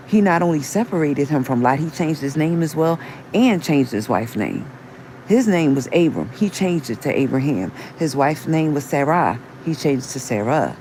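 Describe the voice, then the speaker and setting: A woman's voice: deep voice, warm tone, a little hiss or hum, rough recording. A woman, talking on her livestream in an earnest, repetitive way, restarting often and citing scripture. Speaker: livestream host. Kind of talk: casual livestream talk, preaching.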